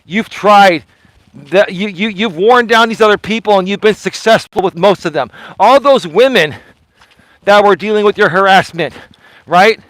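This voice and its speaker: A man's voice: high-pitched, moderate pace, a bit bright, no echo, low-quality recording. A man hosting a live walking vlog outdoors, speaking emphatically and repeating his points while holding his phone on a selfie stick. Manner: emphatic, repetitive, addressing someone directly. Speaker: vlogger host.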